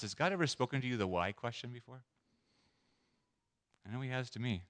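A man preaching a sermon as a pastor, animated, acting out scenes and asking the listeners questions. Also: mid-range voice, fairly quick, pauses often. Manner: animated, acts out scenes, asks the audience questions.

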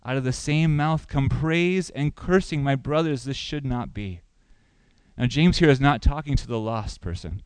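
A man's voice: mid-range voice, moderate pace, smooth, dry recording, poor audio. Guy pastor preaching, asks the room questions, pushes up for emphasis, dry close sound. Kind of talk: sermon.

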